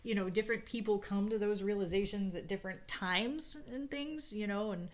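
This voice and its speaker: A middle-aged woman with a medium-pitched voice talks at a moderate pace. She co-hosts a podcast, reflecting in casual, lengthy conversation about her marriage with many fillers and restarts.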